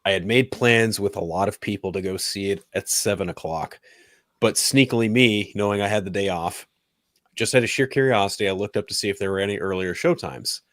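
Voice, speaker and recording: A co-host in a casual chat, telling a story with lively, acted-out quotes. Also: low-pitched, a little fast, dry recording, clean studio sound.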